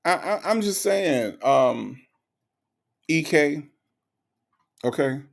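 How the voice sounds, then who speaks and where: A man's voice: on the high side, animated, drawn-out words, creaky. A man hosting a live stream, reacting to a case and reading viewer comments in a blunt, mocking, repetitive way.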